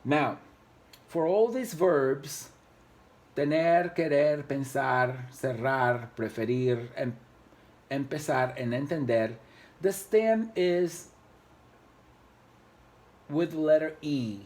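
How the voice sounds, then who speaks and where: A man's voice: fairly high pitch, darkish tone. A man teaching grammar at a whiteboard, patient and repetitive as he counts out syllables and conjugations. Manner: patient, repeats points and counts out syllables slowly. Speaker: Spanish teacher. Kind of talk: classroom-style video lesson at a whiteboard.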